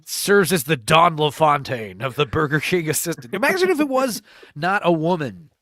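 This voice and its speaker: Animated, swearing podcast co-host man. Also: a little high, normal speed, dry recording, studio quality. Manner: animated, swears freely, jumps into mock voices. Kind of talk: casual chat.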